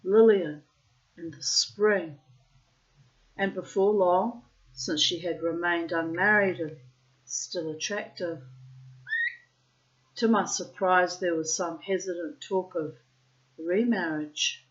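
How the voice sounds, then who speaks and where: A woman reading a literary short story aloud in first person, with slow, measured narration. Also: fairly low pitch, highs cut off. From child of migrants. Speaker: reader.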